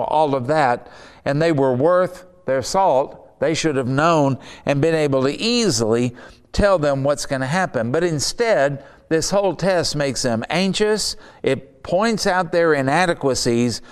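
A man preaching a sermon, telling stories with conversational asides and reading scripture slowly and emphatically. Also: a little high, clean tone. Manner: conversational storytelling with rhetorical asides.

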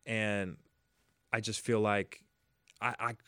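A man in his forties, a former ballplayer, telling stories casually in an interview and loudly acting out the lines he quotes. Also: on the low side, slow pace, clear, resonant tone, no room sound, studio quality. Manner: animated storyteller, acts out quotes loudly. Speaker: former baseball player, guest.

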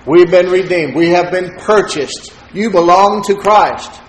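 A man's voice: high voice, unhurried, reverberant, poor audio. A man preaching a sermon to his congregation. He quotes scripture with rising fervor and calls on listeners by name. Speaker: pastor.

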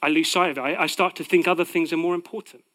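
Animated male preacher, high voice. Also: fast. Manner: animated, swings from loud proclaiming to hushed. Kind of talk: sermon.

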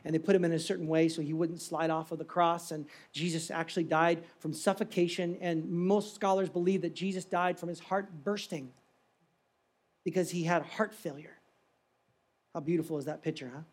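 A man preaching a sermon, retelling a story dramatically and swinging between loud, urgent passages and hushed, quiet ones. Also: fairly high pitch, fairly even intonation, normal speed. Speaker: pastor.

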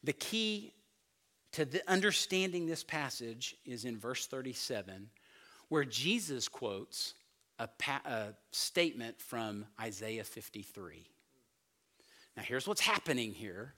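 Animated, bright-voiced male preacher. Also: mid-range voice, slow. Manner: animated, acts out voices of the disciples. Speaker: pastor. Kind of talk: sermon.

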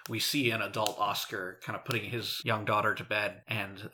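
A man's voice: lowish voice, flat delivery, moderate pace, bright, forceful tone, a little hiss or hum. A man co-hosting a casual movie review podcast, recapping the plot in a rambling, easygoing way and laughing often. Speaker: podcast co-host.

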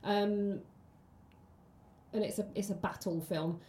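A woman's voice: mid-range voice, fairly even intonation, slow, dark tone, a little hiss or hum. A woman, co-hosting a casual film podcast and chatting with many ums and restarts. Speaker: podcast co-host. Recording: roomy echo.

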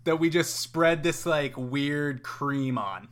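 A man's voice: on the high side, slow pace, a crowd in the background. A man guesting on a casual podcast, riffing on silly topics and swearing a lot.

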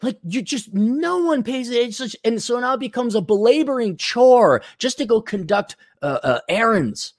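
A man's voice: very high voice, lively intonation, normal speed, few pauses, no echo. Sarcastic podcast guy swearing through a rant, voice jumps up and down a lot, dry close mic. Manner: profane, sarcastic ranting. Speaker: podcast host. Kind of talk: ranting podcast chat, reading donations.

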